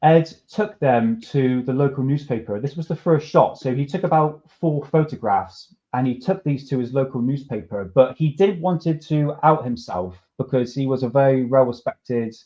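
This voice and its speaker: Male podcast host, casual chat, dark mellow tone, dull lo-fi sound. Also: mid-range voice, moderate pace, hardly any pauses. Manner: laid-back, chuckling, restarts a lot.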